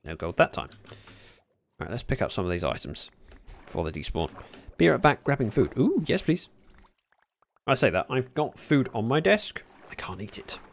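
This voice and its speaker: A man chatting casually at his desk while livestreaming a game, speaking into a desk microphone, with sudden excited yelps. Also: mid-range voice, normal speed, vocal fry. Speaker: gaming livestreamer. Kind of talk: casual commentary while playing.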